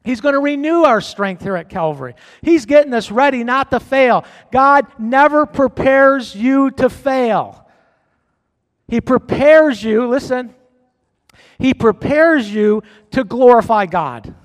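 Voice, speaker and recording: High-voiced preaching pastor in a reverberant church. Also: male voice, expressive, slow. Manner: preaching with rising emphasis and repetition. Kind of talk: sermon. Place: church sanctuary. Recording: long hall reverb.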